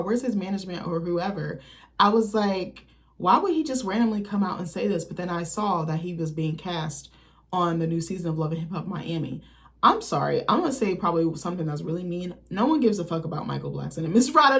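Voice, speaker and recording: A woman talking straight to camera as a vlogger, giving blunt, candid and profane opinions in a loose, chatty way. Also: lowish voice. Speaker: vlogger, channel host. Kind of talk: casual opinion commentary.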